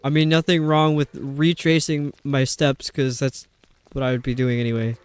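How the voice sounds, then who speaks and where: A man's voice: medium pitch, level tone, moderate pace, clean tone, no room sound. A young man giving live commentary while playing a video game, rambling, stumbling over his words and laughing often. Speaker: streamer.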